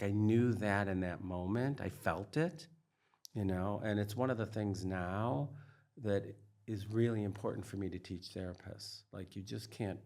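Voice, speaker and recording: A middle-aged man with a slightly low voice talks openly as a trauma expert guest. He is earnest and emphatic, circling back with "like" and "you know" as he explains. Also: a little mellow. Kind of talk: candid interview conversation.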